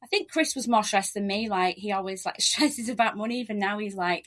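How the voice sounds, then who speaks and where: Quick-talking Yorkshire woman. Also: mid-range voice, fairly bright tone. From Leeds, West Yorkshire, England. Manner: quick-talking, chatty, laughs often. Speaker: podcast guest, relocation agent. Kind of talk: casual interview chat.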